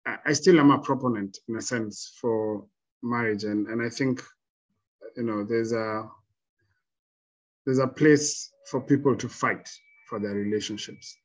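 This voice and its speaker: Man, mid-pitched, measured, halting, reflective advice, dull lo-fi audio. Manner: measured, halting with frequent restarts. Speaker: panel guest, divorcee. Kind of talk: reflective advice on a talk panel.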